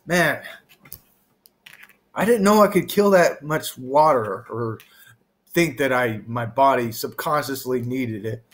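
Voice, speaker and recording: Male vlogger, unhurried, wandering off-the-cuff monologue. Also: medium pitch, fairly bright tone, slight background noise. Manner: drawn-out, meandering, trails off and restarts. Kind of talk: rambling casual monologue.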